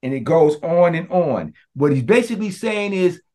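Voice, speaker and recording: A man, a pastor preaching a sermon, who prays in a hushed voice and then preaches with passion, often calling out to his congregation. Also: on the high side, lively intonation, moderate pace. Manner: impassioned preaching that turns to the congregation; hushed, prayerful delivery.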